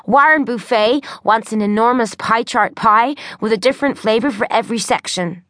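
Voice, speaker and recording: A woman's voice: fairly high pitch, moderate pace, a bit bright, no room sound, studio quality, natural voice. A woman voicing a playful ten-year-old boy. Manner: theatrical, playful. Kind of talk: audiobook character voice.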